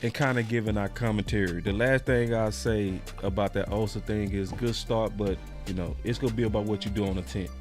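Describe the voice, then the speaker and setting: A man hosting a casual sports talk stream, laid-back and slangy, quick to laugh. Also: fairly low pitch, fairly even intonation, darkish tone, faint music behind. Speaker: show host.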